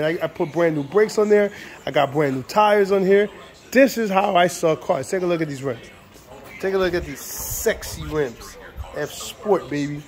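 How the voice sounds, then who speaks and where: A man with a fairly high voice runs through a casual sales walkaround outdoors on a car lot. His patter is playful and pumped up, and he keeps circling back to the same catchphrases. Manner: hyped, playful salesman patter with lots of repetition. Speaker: used car dealer.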